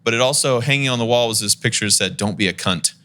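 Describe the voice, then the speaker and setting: Man, bright voice, casual podcast storytelling, animated, acts out his characters. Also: medium pitch, quick pace.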